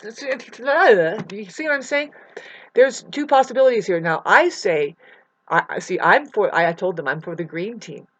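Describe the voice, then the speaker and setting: A vlogger talking in a rambling, unscripted monologue, full of restarts, swinging between mumbling and loud outbursts into a computer mic. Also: mid-range voice, expressive, moderate pace, no echo.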